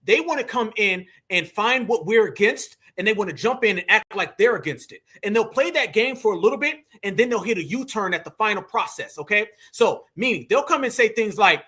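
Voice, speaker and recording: A man with a strikingly high, bright and forceful voice hosts a live stream. He talks emphatically and turns often to his chat. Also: animated, a little fast, hardly any pauses, slightly rough. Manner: emphatic, addresses the chat directly. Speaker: livestream host.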